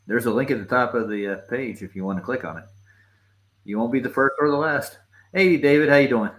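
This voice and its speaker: Man, live stream host, casual chat, easygoing, laughs a lot, mid pitch. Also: brisk, noisy background.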